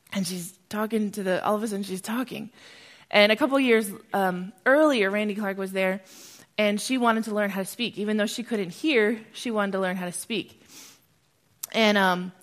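Brief: young American woman, church testimony, lively storyteller, mid-pitched voice. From United States. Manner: animated storyteller, gets loud and excited when recounting. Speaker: speaker sharing a testimony. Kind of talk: church testimony talk with slides.

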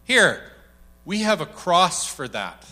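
Man playing gentle Holy Spirit, kind and teasing, soft and slow, high bright voice. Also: sing-song, big-room sound, exaggerated voice. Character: gentle kindly Holy Spirit, male, reassuring.

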